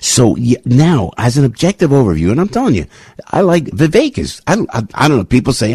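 A man hosting a political talk radio show, talking in an animated, emphatic, repetitive way. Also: medium pitch, a little fast, vocal fry, husky, dry recording, studio quality.

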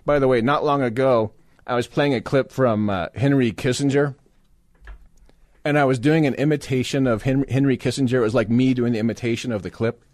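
A man's voice: mid-range voice, steady tone, brisk, darkish tone, dry recording. Male talk radio host, sarcastic monologue, dry studio sound, plain middle voice. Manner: sarcastic, mocking, mimics voices.

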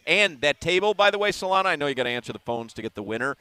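A man's voice: on the high side, lively intonation, brisk, hardly any pauses, pushed and bright, dry recording. A man hosting a live talk radio show, chatting in a rambling, self-amused way from a remote broadcast. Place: bar or restaurant remote broadcast.

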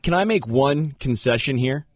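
A man hosting a talk show, telling rambling, animated stories in casual studio banter. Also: medium pitch, moderate pace, no echo. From Kansas City area. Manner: rambling, animated storyteller who jumps into funny voices. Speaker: radio show host.

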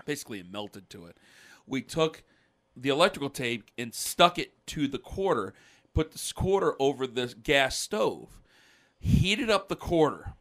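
A man co-hosting a podcast, telling a story in a lively casual way and acting out the people in it. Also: mid-range voice, a little slow. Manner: animated, acts out voices of people in his story. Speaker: podcast co-host.

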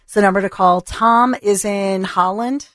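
A woman's voice: mid-range voice, normal speed, a bit bright, no echo, faint music behind. Chatty woman radio host, dry studio. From Philadelphia area. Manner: chatty, reassuring, restarts often. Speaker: radio talk show host. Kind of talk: casual talk radio monologue. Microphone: studio microphone.

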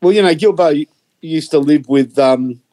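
A man with a somewhat high voice, spinning a story with plenty of ums and restarts. He speaks casually, as if chatting among friends on a podcast. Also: moderate pace, warm tone. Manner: chatty, hesitant anecdote teller.

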